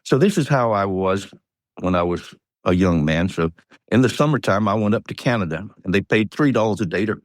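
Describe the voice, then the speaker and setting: This Georgia man, in his eighties and Southern-accented, rambles through folksy stories as an interview guest, chuckling now and then. He sounds animated, lowish and a little fast, with studio-quality sound and no echo.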